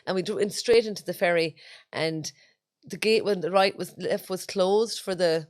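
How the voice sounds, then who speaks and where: A woman co-hosting a podcast, telling a rambling story in casual chat, halting and restarting. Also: lowish voice. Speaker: podcast co-host.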